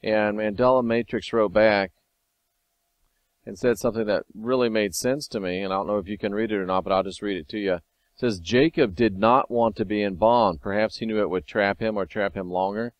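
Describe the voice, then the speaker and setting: A man hosting a casual video monologue, talking wryly and sometimes excitedly as he reads and comments on scripture. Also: lowish voice, fairly quick, no echo. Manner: conversational, wry, sometimes excited. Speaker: video host.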